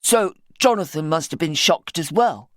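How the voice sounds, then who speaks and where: A woman's voice: deep voice, expressive, moderate pace, dry recording, studio quality. A woman voicing a blunt eager young man. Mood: curious. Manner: direct, eager.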